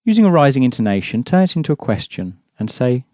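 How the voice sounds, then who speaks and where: A man's voice: medium pitch, very animated, quick pace, dark tone, no room sound, clean studio sound. A man teaching a language lesson, explaining patiently and prompting his students with questions.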